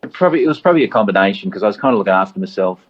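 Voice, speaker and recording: A middle-aged Australian man talks in an easygoing, storytelling way, often breaking into laughter. His voice sits on the low side. The recording sounds a little dull and lo-fi. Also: expressive, rapid-fire. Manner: laid-back storytelling with frequent laughs and acted quotes. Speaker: comedian guest. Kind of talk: casual chat.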